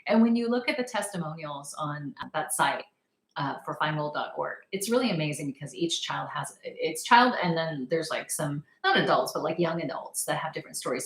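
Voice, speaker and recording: A woman's voice: low-pitched, echoey room, poor audio. A woman telling a personal story in a casual, rambling way. She laughs often and acts out her past reactions. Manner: chatty, rambling, laughs often, animated retellings. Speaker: vlogger sharing personal experience.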